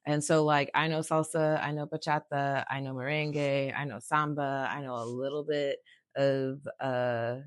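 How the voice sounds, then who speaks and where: A woman's voice: a bass voice, little pitch movement, moderate pace, clear, resonant tone, no echo, clean studio sound. A young woman co-hosting a casual podcast, blunt and joking, swearing freely. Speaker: podcast co-host.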